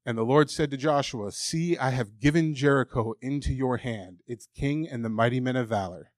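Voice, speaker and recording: A man delivers a sermon with emphatic, candid conviction, sometimes slowing right down to stress a point. His voice sits at a middle pitch and sounds dry and close to the mic. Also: dry recording. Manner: emphatic, candid, acts out mocking inner voices. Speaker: preacher.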